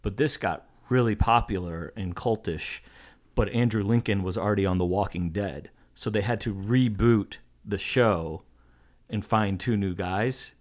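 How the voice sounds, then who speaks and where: Male guest, lowish voice, easygoing rambling talker. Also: a little slow. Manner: rambling, relaxed explanations. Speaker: podcast guest, comedy writer. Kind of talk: casual chat.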